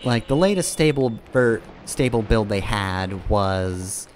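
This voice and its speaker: A man with a low voice gives casual, rambling commentary over his gameplay. He corrects himself mid-sentence and chuckles as he goes. A faint hiss sits under his voice. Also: expressive, takes it slowly. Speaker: game streamer.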